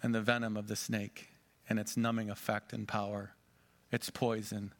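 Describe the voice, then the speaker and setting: A man's voice: lowish voice, level tone, normal speed. Male pastor, forties, dramatic sermon storyteller. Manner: dramatic storytelling, varying loudness and pace.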